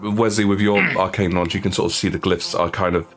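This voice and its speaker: A man's voice: sits low, flat delivery, quick pace, a bit bright. A man narrating as dungeon master, hesitant with frequent fillers. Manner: hesitant, many fillers and restarts. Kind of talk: narrating a tabletop game.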